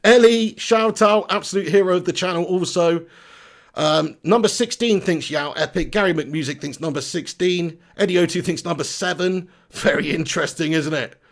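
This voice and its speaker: A man hosting a live stream, chatty and energetic, reading out viewer comments. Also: sits high, moderate pace, gravelly. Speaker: football fan channel host.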